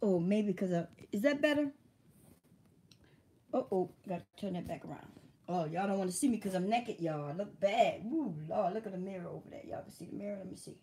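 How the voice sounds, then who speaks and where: Chatty, husky-voiced woman streamer. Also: medium pitch, lively intonation, fairly quick, dark tone. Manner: chatty, laughs often, swears freely. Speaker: livestream host. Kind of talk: casual livestream chat.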